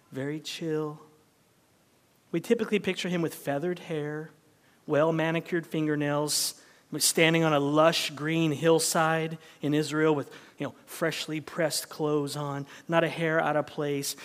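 A man preaching a sermon as pastor, animated, at times dropping to a hushed whisper. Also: fairly high pitch, in a large hall.

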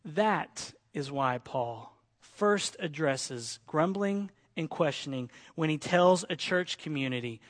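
High-voiced animated male pastor preaching. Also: slow pace. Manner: animated preaching, mimics whining grumblers. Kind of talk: sermon.

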